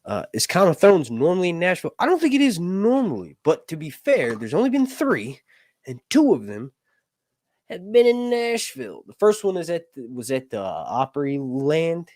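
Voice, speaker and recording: An American man hosts a casual livestream in a fairly high, darkish voice whose pitch swoops wildly, at a moderate pace on a dry recording. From the United States, he rambles, corrects himself and jokes as he talks.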